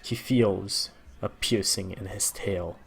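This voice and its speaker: Slow low-voiced male storyteller. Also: fairly even intonation, creaky. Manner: slow, halting narration with restarts. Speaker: storyteller in a tabletop game. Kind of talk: improvised storytelling.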